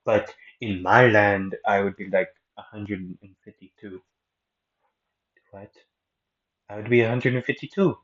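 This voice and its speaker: A man's voice: lowish voice, unhurried, pauses often, a bit bright, muffled recording. A man putting on a baffled warrior with a thick accent. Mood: unsure. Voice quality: put-on thick foreign accent. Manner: rambling and bewildered.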